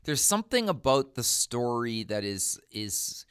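A man's voice: medium pitch, big pitch swings, unhurried, fairly bright tone, clear, resonant tone. A middle-aged man co-hosting a podcast, musing and joking casually with loose restarts. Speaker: podcast co-host. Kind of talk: casual chat.

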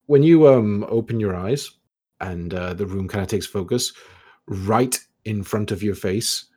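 A man narrating a tabletop game as game master, describing scenes in a relaxed way with many fillers. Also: lowish voice, measured pace, breathy edge.

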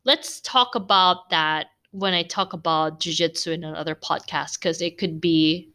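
Bright-voiced Filipino woman chatting. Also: lowish voice, fairly even intonation, moderate pace. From Philippines. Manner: chatty and candid, frequent fillers and light laughs. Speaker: podcast host. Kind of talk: casual solo podcast talk.

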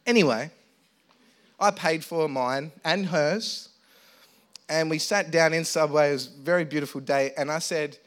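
A young man delivers a sermon as a playful, self-mocking story. He jokes with his congregation and keeps it casual and chatty. His voice sits a touch high for a man. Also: measured pace, a bit bright. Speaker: preacher.

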